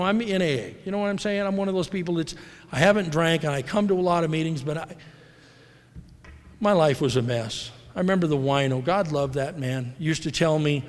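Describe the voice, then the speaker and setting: Candid middle-aged man telling his story in a hall. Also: fairly high pitch. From United States. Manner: candid, rambling, acts out quoted voices. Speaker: speaker at a recovery convention. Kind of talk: personal storytelling talk. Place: large hall. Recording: live hall recording with long reverb.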